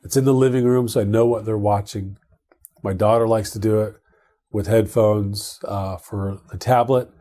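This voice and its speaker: A man's voice: lowish voice, fairly even intonation, moderate pace, mellow. A middle-aged man co-hosting a podcast, chatting casually about tech and his family in a rambling way with many restarts. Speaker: podcast co-host.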